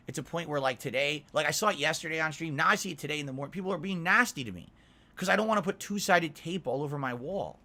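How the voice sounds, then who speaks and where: A man's voice: a little high, pushed and bright. A man streaming live, giving his chat an earnest, defensive lecture, and often checking in with "all right?". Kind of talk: livestream rant to chat.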